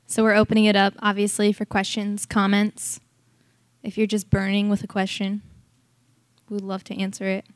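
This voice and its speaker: A woman's voice: mid-range voice, monotone, normal speed, no echo. A woman opening the floor for questions in a casual, joking way.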